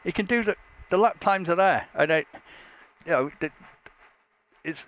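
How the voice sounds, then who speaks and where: Bloke joking around while calling races, kinda muffled audio. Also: male voice, sits high, lively intonation, normal speed. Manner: jokey, crude, laughs often. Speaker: livestream race commentator. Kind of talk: casual banter commentary.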